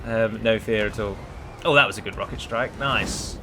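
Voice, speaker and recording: A man's voice: on the low side, moderate pace, background noise. A man giving casual live gameplay commentary, chatty and wry, talking to his units as he plays. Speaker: gaming video creator.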